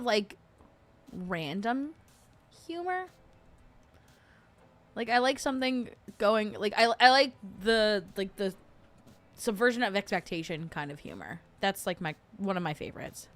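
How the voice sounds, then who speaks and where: A woman's voice: medium pitch, a bit bright. A young adult woman hosting a casual livestream, rambling with lots of fillers and frequent giggles. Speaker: host.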